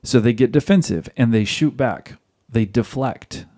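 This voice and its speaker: A man's voice: mid-range voice, a little slow, a little mellow. A man hosting a podcast, giving marriage advice in a direct, lecturing monologue aimed at other men. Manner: direct, lecturing, addresses listeners as guys.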